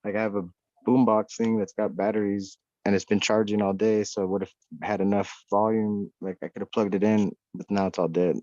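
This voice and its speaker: A man's voice: lowish voice, normal speed, dry recording, muffled recording. A man chatting as a podcast guest from an off-grid homestead, rambling and swearing freely. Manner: rambling, profane, excitable. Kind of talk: casual chat.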